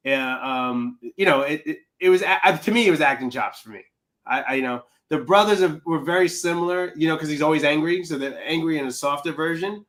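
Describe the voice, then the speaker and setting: Man, podcast co-host, bright tense voice, slightly high, teasing, playful, stammering restarts, casual chat. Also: a little fast.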